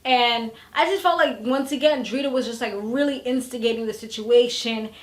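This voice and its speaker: A woman's voice: on the high side, moderate pace. Gossipy woman vlogger, echoey room. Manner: gossipy, animated, acts out quotes with slang. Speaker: reality TV recap vlogger. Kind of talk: casual chatty recap.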